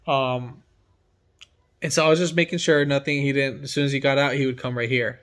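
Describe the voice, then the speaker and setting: A man's voice: mid-range voice, steady tone, a little fast, a bit bright. A man who works as a mechanic from home, telling a story in casual chat and acting out his own reactions with energy.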